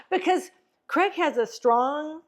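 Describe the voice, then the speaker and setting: A middle-aged woman co-hosts a casual faith and wellness podcast talk show. Her voice sits high and she speaks extremely slowly, yet she's animated, acting out tones of voice and laughing often.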